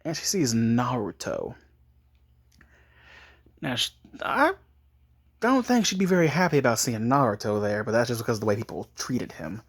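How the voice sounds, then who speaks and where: A man's voice: medium pitch, sing-song, moderate pace, pauses often, slightly rough. Rambling man telling a story. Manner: rambling, with frequent restarts and chuckles. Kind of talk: casual improvised story retelling.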